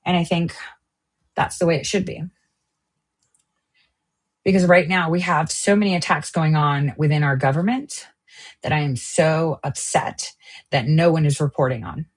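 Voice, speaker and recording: A woman hosting an online news stream, ranting angrily and with lots of profanity, swinging between sharp outbursts and low mutters. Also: moderate pace, pauses often. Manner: profane, heated, jumps between shouting and muttering. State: extremely angry. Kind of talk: angry livestream rant.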